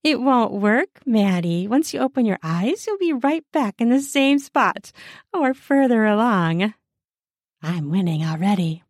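A woman's voice: mid-range voice, expressive, a little slow, no echo, clean studio sound. A woman narrating a first-person adult romance audiobook in a playful, teasing way.

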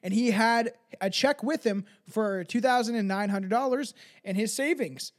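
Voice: medium pitch, normal speed. A podcast host telling a true-crime story casually, swearing and tripping over names. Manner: swears freely, laughs, trips on names.

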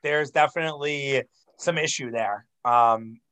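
A man's voice: medium pitch, measured pace, pushed and bright, smooth, rough recording. A man co-hosting a podcast in casual sports chat, talking loosely with lots of fillers and swearing. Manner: loose, profane, rambling with fillers. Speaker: podcast co-host.

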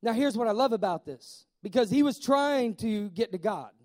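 A man preaching a sermon in a lively way, asking the congregation questions and slowing down to stress key words. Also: high-pitched. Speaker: pastor.

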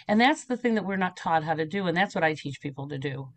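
Speaking quickly in a low voice, a middle-aged woman who works as a spiritual medium teaches and tells stories in a relaxed interview. She's an animated storyteller who performs small voices as she goes.

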